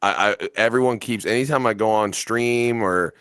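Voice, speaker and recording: Laughing often, this male co-host rambles and teases through a casual podcast chat, speaking at a moderate pace. His clean, slightly bright voice sits on the low side. The dry, clean studio-like sound comes from a webcam setup at home.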